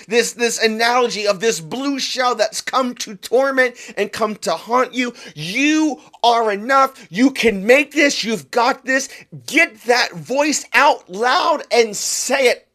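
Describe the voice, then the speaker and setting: Fervent, slow-talking male podcast host. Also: very high voice, bright, forceful tone. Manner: fervent, urging direct address to listeners. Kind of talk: motivational monologue.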